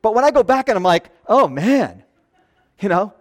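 Pastor, man, higher-pitched nasal voice, earnest chatty sermon delivery. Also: expressive, very fast. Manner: earnest, loose asides and restarts. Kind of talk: conversational sermon.

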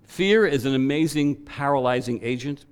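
A man's voice: mid-range voice, normal speed, clean tone. Man preaching through a personal story. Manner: animated storytelling with quoted voices.

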